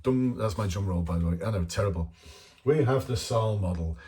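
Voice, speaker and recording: A man's voice: low voice, a little fast, background noise. A man talking casually and bluntly as a police interview coach, informal and chatty, with mild swearing. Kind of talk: casual spoken lesson to camera.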